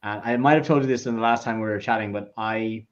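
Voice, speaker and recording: A man's voice: lowish voice, quick pace. A man hosts a casual whiskey tasting and tells chatty stories. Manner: chatty anecdotes, acts out quoted people. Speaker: whiskey tasting club host. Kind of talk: casual chat, livestream tasting. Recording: dull lo-fi sound.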